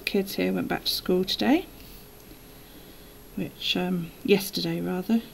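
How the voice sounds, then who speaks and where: A woman's voice: on the low side, measured pace, gravelly, a little hiss or hum, poor audio. Woman, casual live-stream chat, anecdotal, laughs a lot, at home. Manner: chatty anecdotal storytelling, laughs often. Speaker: live-streaming bullet journal vlogger. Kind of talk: casual chat while journaling.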